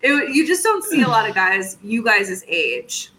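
A woman, a mother hosting a podcast, talking in a chatty, quick way with lots of fillers. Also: mid-range voice, very animated, pushed and bright, slight background noise, low-quality recording. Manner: chatty, fast, uses many fillers. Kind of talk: casual chat.

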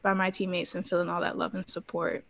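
A woman in her thirties telling a personal story as an interview guest, animated, laughing often and acting out quotes. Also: fairly low pitch, quick pace, creaky, crowd noise. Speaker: interview guest, former pro cheerleader.

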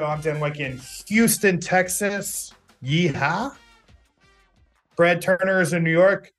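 A man's voice: sits high, slow pace, a bit bright, soft background music. A middle-aged man co-hosting a casual sports podcast, talking in a chatty, jokey way with plenty of fillers. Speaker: podcast co-host, sports reporter.

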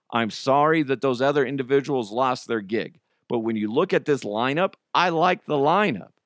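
A podcast host offers casual, opinionated commentary peppered with joking asides, his ordinary middle-pitched voice fairly bright and a little strained as he tries not to lose it. The recording is dry and close, with no echo or room around it.

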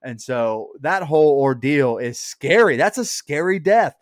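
Guy cohosting a movie podcast, kinda high voice, animated, swears a lot, dry sound. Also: measured pace, dry recording. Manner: animated, swearing, laughing often. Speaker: podcast co-host. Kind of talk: casual movie review chat.

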